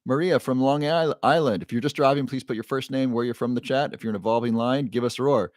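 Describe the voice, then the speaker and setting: A man's voice: medium pitch, fast talker, darkish tone, dry recording, clean studio sound. Upbeat man hosting a livestream. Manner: upbeat, reads out chat names, playful roars. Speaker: livestream host, neuroscientist. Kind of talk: casual livestream greeting viewers.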